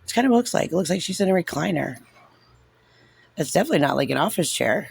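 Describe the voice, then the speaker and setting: A man's voice: a little high, very animated, fast talker, gravelly, breathy edge, no room sound. A man giving casual, sarcastic and frustrated reaction commentary on a recorded meeting, saying "like" constantly. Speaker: parent reviewing a recorded meeting.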